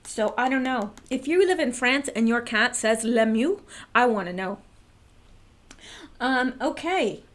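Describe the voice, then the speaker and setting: Woman host rambling about odd facts, kinda high voice, talks right at viewers with wry little asides. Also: lively intonation, unhurried, a bit bright. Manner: chatty, wry, asides to viewers, pitch jumps up for emphasis. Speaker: video host. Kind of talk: casual chat about trivia facts.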